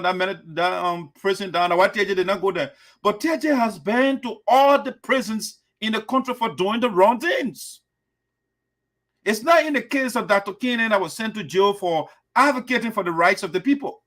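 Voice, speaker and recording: A man's voice: high-pitched, a bit bright. A man hosting political radio commentary, scornful and lecturing. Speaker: host.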